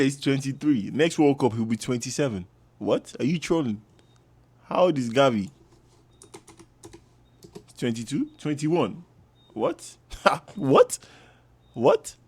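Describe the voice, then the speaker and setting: Hyped guy yelling about football, swears a lot, voice jumps all over, dry close sound. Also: on the high side, creaky, breathy edge, no echo. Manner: loud, swearing, shouting, laughing bursts; trash-talking, animated. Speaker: football fan streamer. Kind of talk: excited fan reaction.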